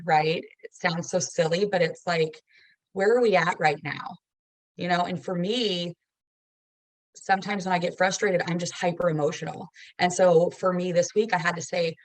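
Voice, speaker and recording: Woman, lowish voice, earnest, reflective, dry close recording. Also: steady tone, no room sound, low-quality recording. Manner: earnest, reflective, quick bursts of speech. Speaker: mother of a child with a rare disease. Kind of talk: casual sharing in a support group.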